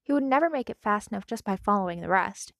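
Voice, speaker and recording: A woman reading a fanfiction story aloud, then gushing softly about it. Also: mid-range voice, animated, quick pace, vocal fry, no room sound. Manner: gushing, soft-spoken commentary after reading. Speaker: fanfiction reader.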